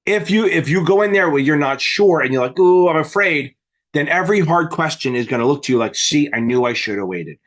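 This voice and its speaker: Guy with a higher voice hyping up test takers on a livestream, swears a ton, super blunt. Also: expressive, fast, few pauses, a bit bright. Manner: blunt, profane, fired-up pep talk. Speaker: exam prep tutor hosting a live Q&A. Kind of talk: casual livestream coaching.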